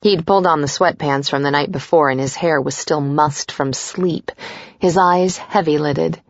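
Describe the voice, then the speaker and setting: A woman narrating a first-person romance audiobook in a soft, intimate, steady way. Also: sits low, normal speed, no room sound, muffled recording.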